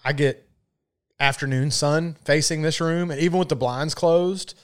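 A man's voice: a little high, steady tone, normal speed, smooth. Profane ranting man on a podcast. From Florida, USA. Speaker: podcast co-host. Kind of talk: casual podcast chat.

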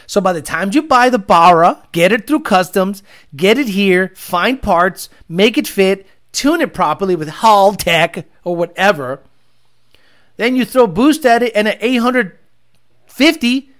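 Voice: mid-range voice, fairly bright tone. A livestream host reading viewer comments and ranting about car tuning with profanity and mockery.

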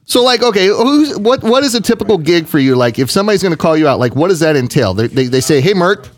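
Fast, lively male host. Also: on the high side. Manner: quick, excitable questioning. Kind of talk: interview chat.

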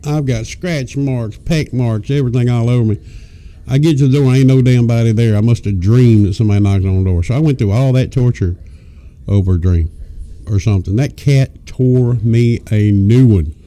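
Radio host, male, very dark, mellow voice, crude and joking, rambling storyteller. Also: medium pitch, normal speed. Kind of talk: casual comic storytelling. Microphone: studio microphone.

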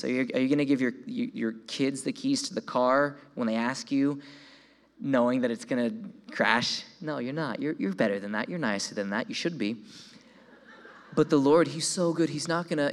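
A young man giving a sermon testimony, telling his story with animation and stumbling over repeated words. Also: mid-range voice. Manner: animated storytelling, voices his own quoted thoughts; repeats words when excited. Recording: long hall reverb.

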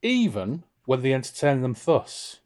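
A man's voice: mid-range voice, a little slow. A man co-hosting a book podcast, reading passages aloud expressively and chatting about them casually. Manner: expressive reader, lifts voice for quoted characters. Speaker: podcast co-host reading and discussing a novel.

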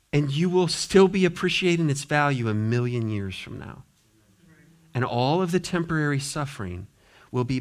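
In a church sanctuary, a middle-aged pastor delivers an impassioned sermon, alternating loud appeals with quiet, low asides.

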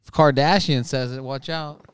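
A man's voice: medium pitch, steady tone, moderate pace, smooth, no room sound, clean studio sound. A man joking crudely with friends in casual talk, tossing out made-up words. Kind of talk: casual chat.

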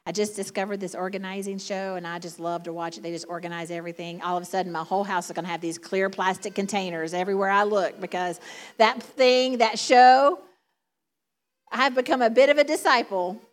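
A woman's voice: medium pitch, steady tone, brisk. A middle-aged woman preaching a sermon in a chatty, conversational way, laughing often.

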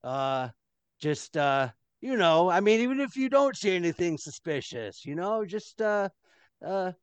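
Man doing town guard, male, barking, high-pitched, loud, flustered. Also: lively intonation, unhurried, clear, resonant tone, no echo. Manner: loud, barking with "oi", then apologetic and rambling.

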